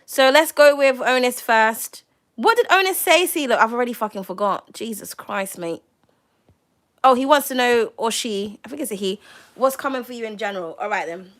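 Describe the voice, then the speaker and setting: A woman giving a live-stream tarot reading, chatty and excitable, swearing freely. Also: a little high, normal speed. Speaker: tarot reader.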